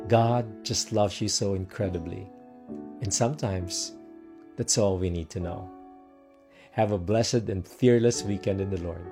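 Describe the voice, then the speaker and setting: A man giving a devotional sermon in a slow, measured way, letting his phrases trail off softly. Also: lowish voice, music in the background. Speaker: preacher.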